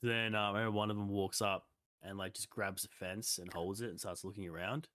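A man's voice: on the low side, steady tone, brisk, bright, forceful tone, dry recording. A young man in his twenties, co-hosting a podcast in a rambling, slangy way and acting out what people said. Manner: rambling, slangy, acts out quotes. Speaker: podcast co-host. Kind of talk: casual chat.

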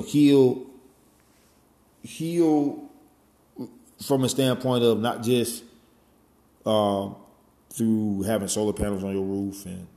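Rambling deep-voiced man, echoey room. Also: dark tone. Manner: rambling, peppered with "you know" and "man", swears freely. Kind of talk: casual conversational monologue.

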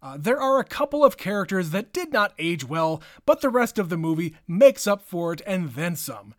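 Guy in his 30s, high voice, dry close sound, goofy podcast email reading. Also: very animated, no echo. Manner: joking, drawn-out and playful. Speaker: podcast co-host. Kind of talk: casual chat, reading listener emails.

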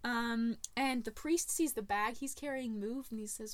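A woman's voice: fairly high pitch, unhurried, hardly any pauses, dry recording. A woman in casual chat, retelling a film's plot to a friend with lots of laughs and fillers. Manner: animated, laughs often, many fillers. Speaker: podcast co-host recapping a film.

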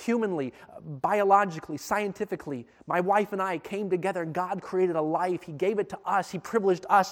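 A man telling a personal story in a sermon, animated and emphatic, his intensity rising as he speaks. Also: high-pitched, fairly quick, few pauses. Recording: long reverb of a hall.

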